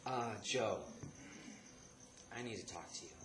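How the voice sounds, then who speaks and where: A businesslike female office worker delivers bad news flatly, as a man puts her on, in his own low voice. The sound is echoey with background noise. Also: a little slow, natural voice. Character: calm, businesslike female college financial aid officer.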